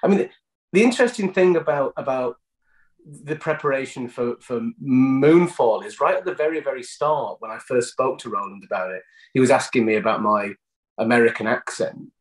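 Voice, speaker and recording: A man's voice: mid-range voice, lively intonation, moderate pace, echoey room, rough recording. A British man, an actor, answering interview questions in a chatty storytelling way, often restarting phrases.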